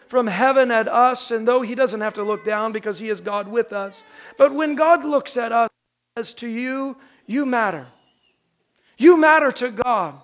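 A man in his thirties preaching a Christmas sermon, telling a joke story and then slowing down to stress key phrases. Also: very high voice. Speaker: pastor.

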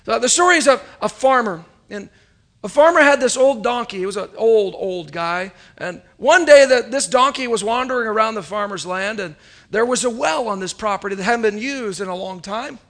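A man with a high voice preaching from a church, his delivery rising and falling as he speaks to his congregation. He tells a story and asks the listeners questions as he builds to his point. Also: animated, normal speed, a bit bright. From United States. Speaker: pastor. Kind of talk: sermon with storytelling.

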